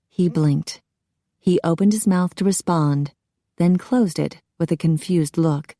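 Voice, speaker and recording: A woman narrating a romance audiobook in a measured storytelling manner, on a close studio mic. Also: on the low side, mellow, no echo. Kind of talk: scripted narration.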